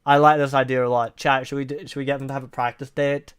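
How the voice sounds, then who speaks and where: A man's voice: medium pitch, little pitch movement, fast, clean tone. A young man on a live stream, reading an AI-written story aloud in a playful, giggly, melodramatic way.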